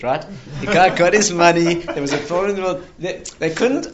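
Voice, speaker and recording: Over crowd noise, a rabbi with a voice that sits high tells animated stories briskly and with few pauses, laughing at his own punchlines. The highs are cut off, and the talk is conversational storytelling.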